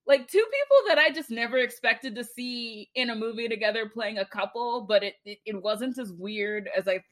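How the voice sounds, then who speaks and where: A woman's voice: a little high, expressive, normal speed, a bit bright. Laughing woman chatting about films. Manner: laughs often, swears casually. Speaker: podcast co-host. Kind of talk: casual movie chat.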